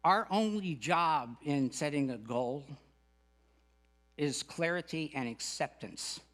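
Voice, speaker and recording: A man's voice: fairly high pitch, expressive, slow, a bit bright. A middle-aged man gives an earnest, folksy spiritual lecture with humorous asides as a guest speaker at a spiritual center.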